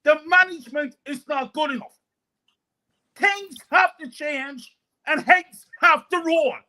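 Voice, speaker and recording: A man's voice: very high-pitched, slow, sharp tone. A man joining a fan panel by call, ranting emphatically and bitterly about his team, repeating his points. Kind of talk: heated fan rant on a call.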